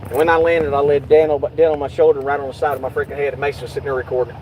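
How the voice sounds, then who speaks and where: A middle-aged man talks agitatedly and swears while chatting in a vehicle, loudly acting out what others said. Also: on the high side, little pitch movement, very fast, noisy background. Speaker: YouTube channel host. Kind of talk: casual vlog chat in a car.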